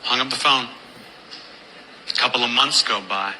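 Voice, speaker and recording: A man doing deadpan stand-up storytelling at a comedy venue, building to a dark punchline. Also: medium pitch, moderate pace, slight background noise. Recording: live club recording, echoey with faint ambience.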